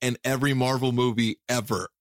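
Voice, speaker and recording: An excitable American man hosting a casual remote podcast interview, gushing and laughing. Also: medium pitch, fairly quick, dry recording, clean studio sound. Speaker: podcast host.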